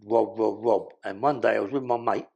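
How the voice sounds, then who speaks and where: A man's voice: lowish voice, steady tone, fairly quick, gravelly, a little mellow, husky, muffled recording. An older man with a London accent telling his life story in an interview, blunt and streetwise, swearing freely. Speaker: guest.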